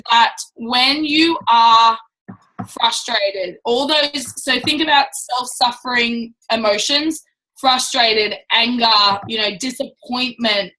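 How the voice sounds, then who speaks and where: A woman's voice: fairly high pitch, bright, forceful tone, low-quality recording. A woman giving a casual, blunt and chatty training talk to a business team. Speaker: network marketing trainer.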